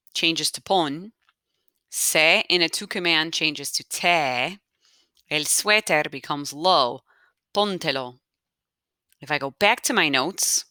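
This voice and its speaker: Low bright-sounding woman walking through a grammar lesson, patient, dry close mic. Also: no echo. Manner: patient, explains aloud while writing on notes. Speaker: Spanish teacher.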